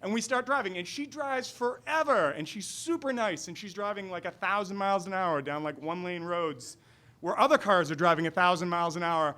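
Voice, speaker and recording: A man's voice: high voice, a little fast, pushed and bright. A man in his forties with a Boston accent, telling a wry, self-deprecating story at a live storytelling night in a restaurant. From Boston area.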